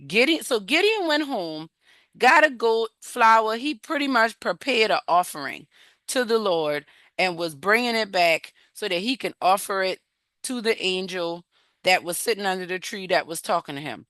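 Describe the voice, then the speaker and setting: Animated woman coaching a support group. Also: medium pitch, normal speed, no echo. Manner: animated, encouraging, conversational, addresses group directly. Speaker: emotional wellness coach leading a support group. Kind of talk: faith-based coaching talk retelling scripture.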